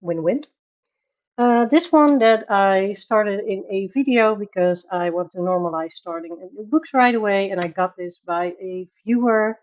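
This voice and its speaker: Chatting and laughing often, a Dutch woman greets viewers by name while hosting a casual coloring stream from her home bedroom. She has a Dutch accent and a mid-range voice, speaks a little slowly, and the audio is lo-fi.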